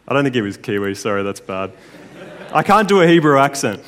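A man's voice: medium pitch, a little fast. Joking male Bible teacher, echoey hall. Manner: chatty, joking, lively storytelling. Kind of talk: casual Bible story teaching. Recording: long hall reverb.

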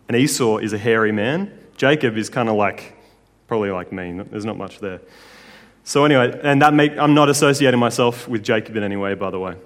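A man telling a Bible story in a casual, chatty way, with jokes along the way. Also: mid-range voice. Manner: chatty, joking, lively storytelling. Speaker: Bible teacher. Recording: long hall reverb.

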